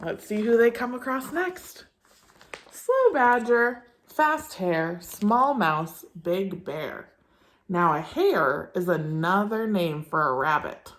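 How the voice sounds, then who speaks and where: A woman's voice: lowish voice, expressive, slow pace, a bit bright. A young woman preschool teacher talking to small children and reading a picture book aloud in an encouraging, sing-song way.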